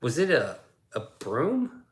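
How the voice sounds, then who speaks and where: A man's voice: mid-range voice, wildly swooping pitch, takes it slowly. A man casually chatting on a livestream, reading viewer comments aloud and joking with plenty of profanity. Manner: loose, joking, profane, reads chat aloud. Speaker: livestream host reading chat. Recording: roomy echoey sound.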